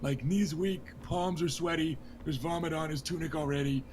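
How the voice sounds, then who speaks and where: A man's voice: a little high, fairly even intonation, normal speed, noisy background. A man narrating a tabletop game as game master in a casual, joking way. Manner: casual and joking, with laughs and fillers.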